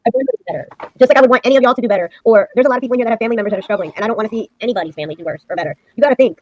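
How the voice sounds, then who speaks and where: Woman host on a stream, talks fast and blunt, kinda muffled lo-fi sound. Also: on the high side, darkish tone. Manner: blunt and interjecting. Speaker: livestream host. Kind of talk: livestream talk. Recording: dull lo-fi stream audio.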